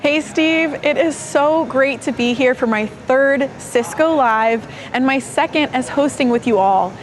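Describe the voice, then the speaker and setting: A woman's voice: high-pitched, measured pace, slight background noise. A woman co-hosting a live event broadcast from the show floor, friendly and welcoming. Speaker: broadcast co-host.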